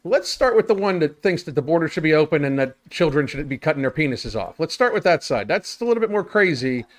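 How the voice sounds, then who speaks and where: A man's voice: fairly high pitch, very animated, fast talker. A man co-hosting a casual political podcast, mostly giving short agreeing replies. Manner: brief agreeing interjections. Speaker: podcast co-host.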